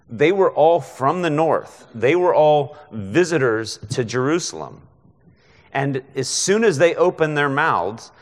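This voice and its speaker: A man's voice: mid-range voice, in a large hall. A man preaching a conversational expository sermon as a guest preacher, often checking in with listeners by asking "right?". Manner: conversational, frequent rhetorical "right?".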